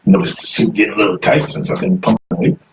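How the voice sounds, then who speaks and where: A man hosting a live call-in stream, chatty and coaxing viewers to phone in while reading comments aloud. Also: fast talker. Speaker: host. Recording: distant mic, faint noise.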